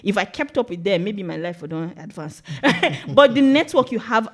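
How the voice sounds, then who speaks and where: A young woman from Nigeria with a Nigerian accent talks as a podcast guest. Her storytelling is animated and she laughs easily as she goes. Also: mid-range voice, moderate pace. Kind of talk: casual chat.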